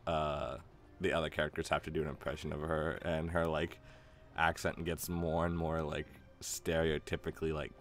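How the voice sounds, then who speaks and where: A man with a very deep voice chats casually while streaming a game. He rambles and hesitates, with lots of fillers. Faint game music plays behind. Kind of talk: casual let's-play chat.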